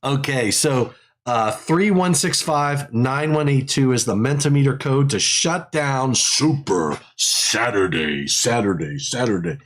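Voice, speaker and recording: A man's voice: medium pitch, measured pace. A man hosting a live technical webinar in a casual way. He rambles, repeats phrases and laughs often. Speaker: livestream host.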